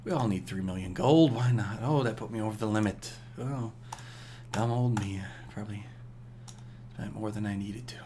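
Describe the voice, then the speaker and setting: A man's voice: on the low side, normal speed, dark tone, slight background noise. A man giving casual gameplay commentary, rambling and scolding himself aloud with chuckles.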